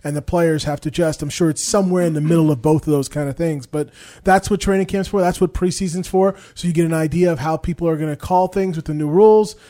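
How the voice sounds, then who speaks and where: Fast-talking mellow male football analyst. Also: on the high side, fairly even intonation. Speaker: color analyst. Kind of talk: radio sports analysis.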